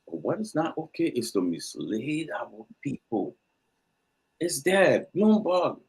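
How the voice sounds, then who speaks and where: A man's voice: fairly high pitch, big pitch swings, takes it slowly, a little mellow, husky, poor audio. A man, arguing his point insistently in a heated political debate and repeating himself when cut off. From Liberia. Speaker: panel guest.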